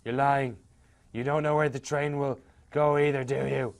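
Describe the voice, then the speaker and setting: A man's voice: medium pitch, steady tone, moderate pace, vocal fry, lightly acted. A man voicing a small, weepy bird king who whines and pouts. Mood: whiny. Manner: whiny, pouting.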